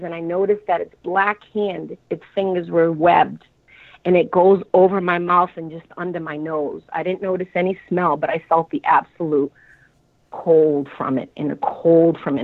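A woman with a Boston accent calling in, retelling a frightening experience in an animated, dramatic way. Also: deep voice. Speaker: caller. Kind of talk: call-in storytelling. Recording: tinny phone line.

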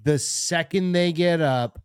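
A man's voice: fairly high pitch, takes it slowly, smooth, no echo, studio quality. A man in his forties co-hosting a podcast, talking bluntly and with lots of swearing in casual chat. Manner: blunt, profane, animated. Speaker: podcast co-host.

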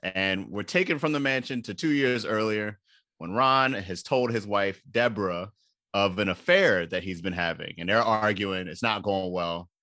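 A man casually recapping a movie for a comedy podcast, animated and laughing, with sudden high-pitched outbursts. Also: normal speed, no room sound, clean studio sound.

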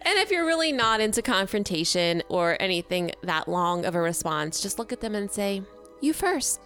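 A woman co-hosting a casual podcast who chats easily and laughs often. Her voice moves up and down a lot. Soft music plays behind her at times. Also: medium pitch, lively intonation, fairly quick. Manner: laughing, chatty. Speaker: podcast co-host. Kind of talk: casual chat.

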